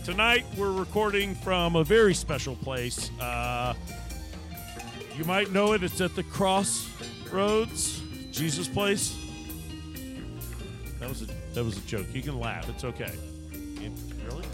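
A man's voice: on the high side, big pitch swings, normal speed, music in the background. A man hosting a casual podcast from a bar, joking and poking fun at himself and his guests. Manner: joking, self-deprecating. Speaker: podcast host.

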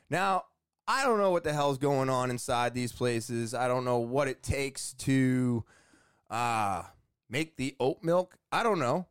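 A man's voice: medium pitch, lively intonation, slow, clear, resonant tone, no echo. Rambling man telling a story, dry close sound. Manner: rambling, self-deprecating, acts out quotes. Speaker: podcast host. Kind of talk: casual storytelling monologue.

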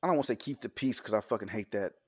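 A man's voice: fairly low pitch, expressive, very fast, slightly rough. A man co-hosting a casual podcast chat, telling stories in a blunt, profane way.

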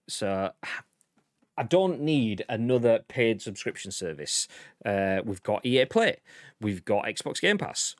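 A man hosting a casual gaming news chat, animated and ranting with frequent restarts. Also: medium pitch, dry recording, clean studio sound. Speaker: show host.

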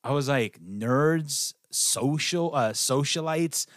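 A man with a mid-range voice hosts a podcast in relaxed, casual chat. He laughs easily and swears freely. His voice is close to the mic in a dry space. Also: medium pitch, takes it slowly, no echo. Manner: laid-back, laughing, profane. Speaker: podcast host.

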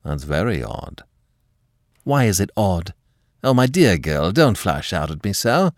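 Secretive husband in a storybook reading, deep and grave, dry close sound, as the narrator plays him. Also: male voice, big pitch swings, no echo. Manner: grave, low, deliberate. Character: husband, smooth-talking, secretive, quick to anger. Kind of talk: audiobook character reading.

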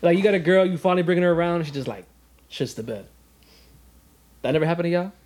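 A man's voice: fairly high pitch, lively intonation, quick pace, a little mellow. A young man guesting on a casual podcast chat, laid-back and teasing with his questions.

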